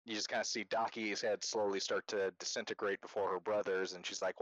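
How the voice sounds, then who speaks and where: Low-voiced young man recapping casually. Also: fairly even intonation, a bit bright, rough recording. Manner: laughing, filler-heavy retelling with quick imitations of characters.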